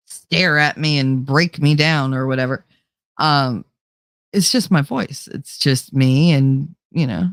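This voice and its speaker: A woman's voice: low voice, no room sound, clean studio sound. A woman with a New Jersey accent hosting a casual livestream chat, laughing often and going nasal at times. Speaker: host.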